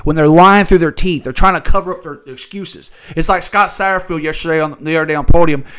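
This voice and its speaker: A man's voice: fairly high pitch, fast talker, a bit bright, clean tone. Fired-up profane man ranting about sports. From Louisville area. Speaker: sports talk host. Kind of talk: solo sports rant.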